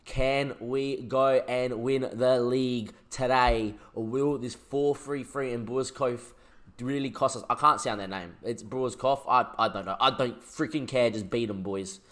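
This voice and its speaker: A man, commentating his own football management game as a let's play, shouting when goals go in. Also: mid-range voice, fairly even intonation, a little slow, hardly any pauses. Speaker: gaming YouTuber.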